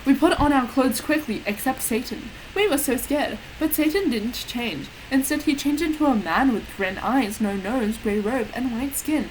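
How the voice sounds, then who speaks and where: A woman reading a fanfic aloud with deadpan delivery and wry asides. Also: sits high, moderate pace, hardly any pauses, a little hiss or hum, low-quality recording. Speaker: reader. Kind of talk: dramatic comic reading of a fanfic.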